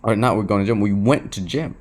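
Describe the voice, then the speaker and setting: A young male vlogger talks candidly to his camera in a fairly low voice, a little fast. Restless and emotional, he swears, repeats himself, and keeps saying "bro" in this confessional talk.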